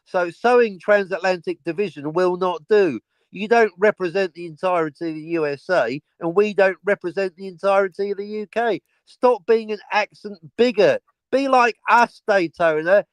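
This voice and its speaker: A man's voice: high voice, moderate pace, hardly any pauses, dry recording. A man hosting a stream in casual, profane banter, mock-aggressive and sarcastic. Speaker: stream host.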